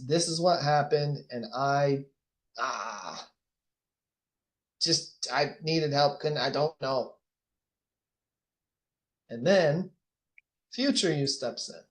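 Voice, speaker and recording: A man leading a group coaching workshop, guiding reflection in a soft, slow, hushed voice, blunt and swearing freely. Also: a little high. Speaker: workshop leader and life coach. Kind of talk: guided group coaching session.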